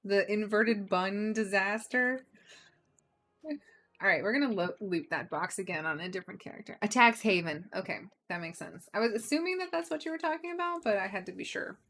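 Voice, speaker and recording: A woman chatting casually with her viewers while she plays a game, playful and quick to laugh. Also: medium pitch, animated, fairly bright tone. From United States. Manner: chatty, playful, giggly, talks to chat. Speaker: game streamer. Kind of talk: casual chat while gaming.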